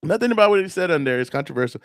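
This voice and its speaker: A man's voice: a little high, animated, very fast, dry recording, clean studio sound. A man hosting a casual political rant, profane and rambling, often mocking the people he talks about. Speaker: political commentary host.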